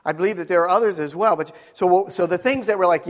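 A man's voice: sits high, fast, hardly any pauses, long reverb tail. A middle-aged man preaching to a live audience, telling a story in a casual, rambling way with many restarts. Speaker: pastor. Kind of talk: sermon with storytelling. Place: speaking to a live audience at a Bible school.

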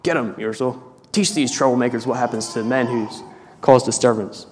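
A man's voice: mid-range voice, steady tone, moderate pace, long reverb tail, a little hiss or hum, lightly acted. A man reading as a harsh, bullying police sergeant. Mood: enraged. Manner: barking orders, scolding. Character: harsh, short-tempered male police sergeant.

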